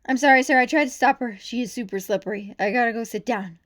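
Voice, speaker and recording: Woman voicing a friendly cheetah desk cop, storybook, bubbly, hesitant, pitched up. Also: normal speed, smooth, close to an everyday voice. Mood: flustered.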